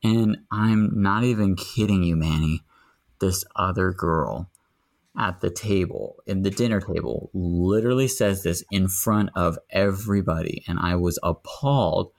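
Low gravelly man telling stories. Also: a little slow. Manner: animated storytelling, rising pitch when indignant. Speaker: podcast guest. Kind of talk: casual podcast chat.

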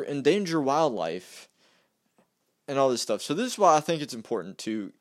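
A young man rambling through a casual political rant, repeating himself and mocking the other side. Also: mid-range voice. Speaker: vlogger.

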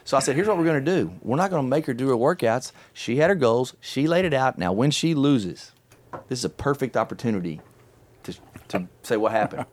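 A middle-aged podcast host tells a long story during a casual chat, speaking in an animated, chatty way and laughing often. His voice is medium in pitch and his pace is brisk.

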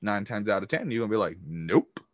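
A man's voice: on the low side, animated, rapid-fire, dry recording, clean studio sound. A man hosting a motivational business podcast, talking emphatically, swearing casually and acting out hyped-up voices. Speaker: podcast host and business coach.

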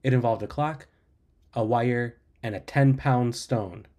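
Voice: mid-range voice, measured pace, dark tone. Co-host, mid-range voice, casual storyteller who laughs along. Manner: laid-back, laughs at own stories. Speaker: podcast co-host.

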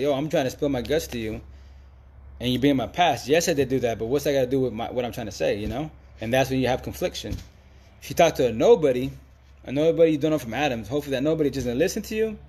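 A man rattles off a loose, unscripted monologue at a quick clip. His speech is slangy and emphatic, circling back to the same phrases as he hammers a point home. His pitch sits mid-range for a man. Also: a little mellow. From Seattle, USA. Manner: slangy, repetitive, emphatic street talk. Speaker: Facebook Live vlogger.

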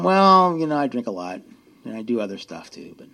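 A man's voice: mid-range voice, sing-song, a little fast, bright, forceful tone. A man in his fifties speaking at a recovery meeting, telling a self-mocking story with a wry edge and acting out both sides of the dialogue. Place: meeting room.

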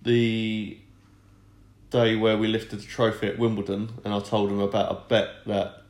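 A low-pitched man co-hosts a casual podcast chat. He reads out listener comments and adds dry, jokey asides. The room has a noticeable roomy echo. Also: monotone, moderate pace. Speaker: podcast co-host.

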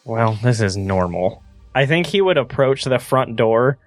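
A man's voice: medium pitch, expressive, a little slow, faint music behind. A man playing a tabletop game, hesitant and thinking aloud as he decides what his character does. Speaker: player. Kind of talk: casual tabletop play.

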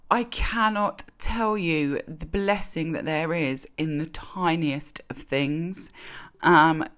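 Low-voiced British woman, candid podcast host. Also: fairly bright tone. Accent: British English. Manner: candid, heartfelt, swears freely. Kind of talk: casual solo podcast chat.

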